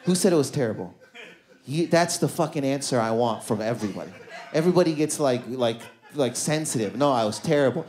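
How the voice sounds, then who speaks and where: A man in his thirties doing a stand-up comedy set in a club, loose and conversational, throwing quick asides to the crowd. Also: medium pitch, lively intonation, darkish tone. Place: comedy club stage before a live audience.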